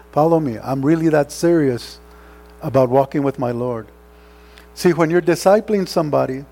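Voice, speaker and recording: Fairly high-pitched and a bit mellow, this man's voice carries an earnest, exhorting sermon. As pastor, he keeps his tone conversational and repeatedly checks in with the audience through rhetorical questions.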